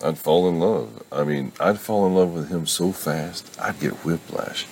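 Worried, self-mocking widow, as a man reads her, lifted voice with a rough edge. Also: deep voice, a little slow, darkish tone, slight background noise, pitched above the performer's own voice. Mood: anxious. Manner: anxious, self-deprecating. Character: widowed young woman, guarded and wry.

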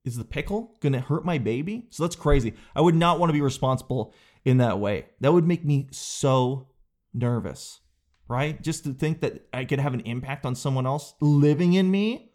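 A young adult man, a comedian hosting a podcast, riffing casually and rambling, often slipping into quick exaggerated impressions. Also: mid-range voice, darkish tone.

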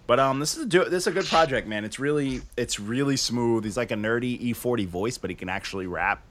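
A man's voice: mid-range voice, fast, fairly bright tone. A man hosting a casual talk show, reviewing music in a loose, joking way with plenty of swearing. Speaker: podcast host reviewing music. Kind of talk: casual chat.

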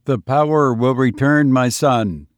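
A man voicing a calm, gentle male Bodhisattva who speaks in a reassuring way. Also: medium pitch, a little slow, dry recording, close to an everyday voice.

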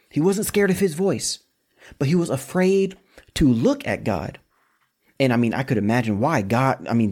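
A preacher with a husky, slightly rough voice gives a relaxed, conversational sermon. The pitch sits in the middle, and the talk is informal, with restarts and slangy asides. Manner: casual, repeats words, informal slang.

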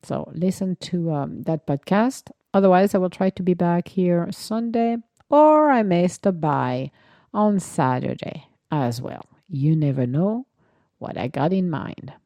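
Woman host with a French accent, low and mellow voice, casual animated storyteller, dry close sound. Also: unhurried, dry recording. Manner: chatty, animated storytelling with French words mixed in. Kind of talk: casual solo live chat.

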